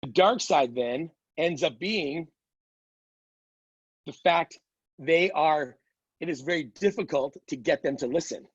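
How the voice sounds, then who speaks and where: A man's voice: on the high side, slightly rough, no room sound, highs cut off. A middle-aged man teaching a class in a casual, conversational way, telling stories and quoting others with playful voices. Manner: conversational, quick asides and playful quoted voices. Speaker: strengths coach teaching a class. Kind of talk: casual lecture with anecdotes.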